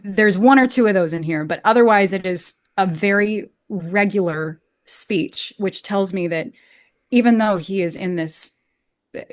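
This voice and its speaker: An actor and Shakespeare coach, a woman, explains verse with enthusiasm during a podcast interview, chanting out beats to demonstrate rhythm. Her voice is medium-pitched, with no echo.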